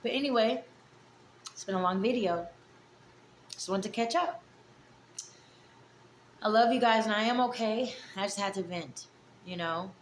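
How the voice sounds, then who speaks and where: A woman's voice: medium pitch, measured pace, long pauses, a little hiss or hum. Roomy-sounding woman in her forties venting. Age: 40s. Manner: candid, rambling and affectionate. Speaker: vlogger. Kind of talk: casual heartfelt vlog monologue.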